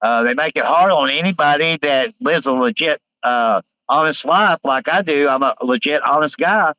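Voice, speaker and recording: A man hosting a casual live stream, rambling with many halting fillers as he reads out viewer comments. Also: on the high side, pushed and bright, no room sound, rough recording.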